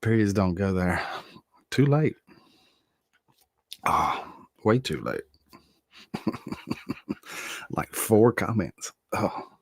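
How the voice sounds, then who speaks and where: Chuckling low-voiced man hosting a livestream. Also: sing-song, drawn-out words, long pauses, breathy edge, no echo, studio quality. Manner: chuckles often, greets viewers by name. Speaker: livestream host. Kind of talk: casual chat reading viewer comments.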